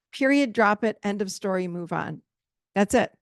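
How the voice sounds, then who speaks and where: A woman talks straight to her listeners as a relationship coach on her podcast, emphatic and direct. Her voice has a gravelly fry at mid pitch. The sound is close and dry. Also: expressive, moderate pace, dry recording. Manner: emphatic, direct, conversational, addresses listeners as "you guys". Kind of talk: solo podcast advice talk.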